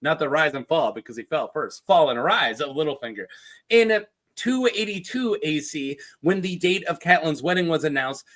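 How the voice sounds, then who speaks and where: A man casually retelling fantasy lore as a video host, chatty and joking with quick asides. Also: fairly high pitch, animated, a bit bright. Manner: chatty, jokey asides with put-on quote voices.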